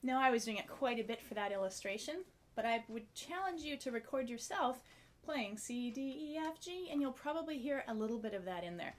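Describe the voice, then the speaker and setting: A woman's voice: on the high side, expressive, brisk. A woman teaching a clarinet video lesson, explaining a breathing technique in a friendly, step-by-step way and demonstrating as she goes.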